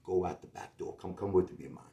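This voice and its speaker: Tough menacing gangster, told by a man, low and blunt, echoey room. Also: a little fast, gravelly, dark tone. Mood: warning. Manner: blunt, threatening, ends lines with "man". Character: tough male street gangster, warning and menacing. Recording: roomy echo with faint music behind.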